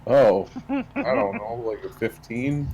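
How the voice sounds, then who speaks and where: A man playing a tabletop game, tossing out jokes and quick quips. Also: mid-range voice, wildly swooping pitch, mellow, slight background noise. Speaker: player. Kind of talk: casual tabletop play.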